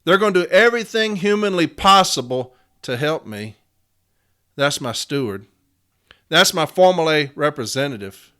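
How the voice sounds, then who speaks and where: A man hosting a union podcast, speaking in an impassioned monologue with an emphatic, repetitive, preacher-like cadence that swings between loud declarations and quiet storytelling. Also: a little high, expressive, moderate pace. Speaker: union steward and podcast host.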